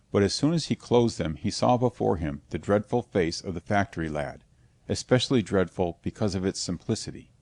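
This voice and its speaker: A man reading a classic novel aloud as an audiobook narrator, in a steady, measured way. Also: low voice, no echo. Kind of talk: scripted narration.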